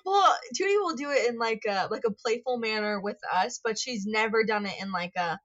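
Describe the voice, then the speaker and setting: A woman's voice: a little high, a little fast, fairly bright tone. A woman co-hosting a podcast in casual chat, talking loosely with many fillers and the odd swear word. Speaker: podcast co-host. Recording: dull lo-fi sound.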